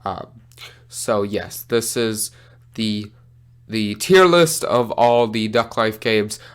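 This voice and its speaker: A man's voice: lowish voice, takes it slowly, smooth. Young man, sick, nasal voice. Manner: rambling with many fillers and restarts. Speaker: gaming channel host. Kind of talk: casual gaming commentary.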